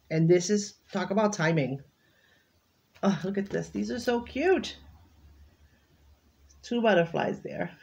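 A woman's voice: on the low side, lo-fi sound. A woman crafting vlogger in casual unboxing chat, gushing and exclaiming over each item she opens.

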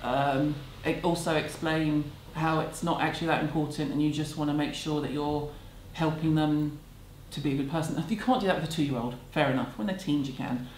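A woman's voice: sits low, steady tone, fairly quick, hardly any pauses, a little mellow. A woman, answering viewer questions at home in a candid, chatty, self-deprecating way. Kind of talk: casual chat. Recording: echoey room, faint background hum.

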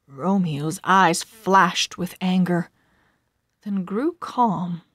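Slow, calm woman reading a children's book. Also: lowish voice, no echo. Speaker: storyteller. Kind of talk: children's book read-aloud.

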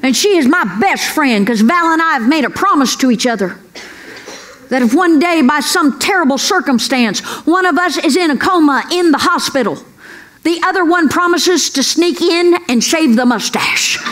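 A woman's voice: sits high, lively intonation, moderate pace, fairly bright tone, a little hiss or hum. A woman stand-up comedian telling folksy, punchy stories on a stage before a live audience. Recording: live show with audience laughter.

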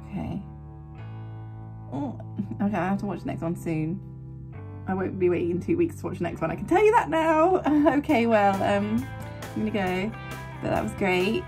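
A woman hosting a casual anime reaction, excitable and gasping, swinging between squeals and quiet murmurs. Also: mid-range voice. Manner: excitable, gasping, frequent exclamations. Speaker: anime reaction channel host.

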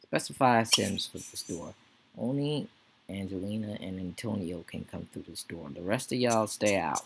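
In this Let's Play, a man's low, gravelly voice has a fairly bright tone and moves at a moderate pace. He gives casual commentary, mumbling and talking to the characters in the game. The recording sounds slightly rough.

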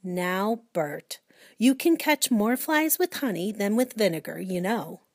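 A kind, patient schoolteacher from a children's storybook, as a woman reading aloud puts her on. She speaks gently and reasonably, at an ordinary pitch, in a dry, close sound. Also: animated, measured pace, dry recording. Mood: calm.

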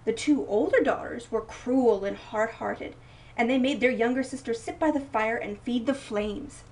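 A woman reading a picture book aloud in a slow, expressive storytelling manner. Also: fairly high pitch. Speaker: storybook reader. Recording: voice a bit distant from mic.

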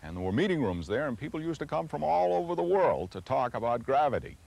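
A man's voice: mid-range voice, sing-song, fast, creaky, darkish tone. A man with a New England accent hosting a travel show on location, talking with enthusiasm and lots of exclamations. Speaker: host. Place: outdoors on location.

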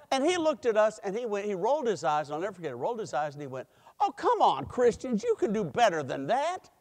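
Man, middle-aged, children's sermon, fairly high voice, swinging pitch. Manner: animated, coaxing, playful with children. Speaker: church leader giving the children's message. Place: church sanctuary. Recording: long church hall reverb.

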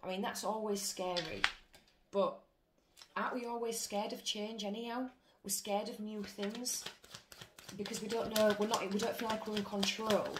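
A woman's voice: mid-range voice, fairly even intonation, normal speed. A British woman doing a casual tarot reading, blunt, chatty and full of swearing. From Britain. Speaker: tarot reader. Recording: roomy with faint noise.

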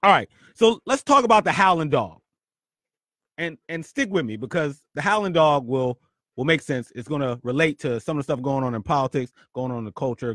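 A man hosting his own podcast, telling a story in a punchy, animated way and often repeating words. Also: medium pitch, no echo, clean studio sound. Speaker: podcast host. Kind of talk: storytelling monologue.

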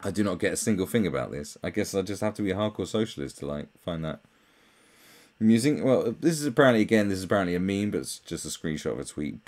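A British man with a low voice talks through memes in a sarcastic, mocking way. His pitch swings widely as he scoffs and swears. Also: animated, quick pace, a little mellow. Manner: mocking, swears, jumps into high mock voices. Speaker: commentary host. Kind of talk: sarcastic meme commentary.

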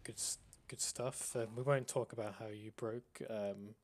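A man hosting a live stream, explaining game rules in a self-described monotone voice with frequent fillers and restarts. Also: fairly low pitch, measured pace. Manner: calls his own voice monotone, many fillers and restarts. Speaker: host.

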